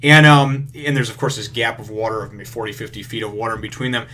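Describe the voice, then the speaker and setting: A man hosting a manga review, recapping a chapter in a rambling way with lots of fillers and casual swearing, getting excited over the action. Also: lowish voice, fast talker, slight background noise. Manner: gets excited retelling action.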